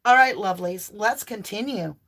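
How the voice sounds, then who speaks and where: A woman doing an impassioned tarot reading to camera, emphatic and near yelling at times, with chatty asides to her viewers. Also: mid-range voice, moderate pace, slight background noise. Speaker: tarot reader and channel host.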